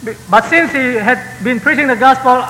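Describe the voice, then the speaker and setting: High-voiced man interpreting a sermon. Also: normal speed, sharp tone. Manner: follows the preacher phrase by phrase, with fillers and restarts. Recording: roomy hall reverb with faint noise.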